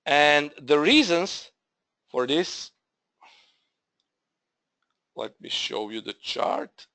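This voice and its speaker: Slow-talking man presenting a trading webinar. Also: on the high side, big pitch swings, gravelly, bright, forceful tone. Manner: halting, repeats himself, addresses viewers as "guys". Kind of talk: live trading webinar walkthrough.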